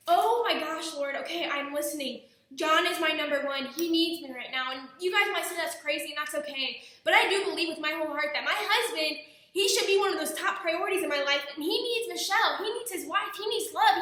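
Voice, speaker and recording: Earnest bright-voiced young woman vlogging. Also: very high voice. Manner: earnest, talkative, many restarts. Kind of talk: casual personal vlog. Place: indoors at home. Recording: very echoey room.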